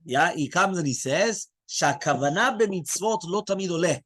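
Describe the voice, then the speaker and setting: A man, a rabbi, giving a lively Torah class in English mixed with Hebrew terms. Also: sits high, very fast. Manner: animated teaching, mixing English with Hebrew terms.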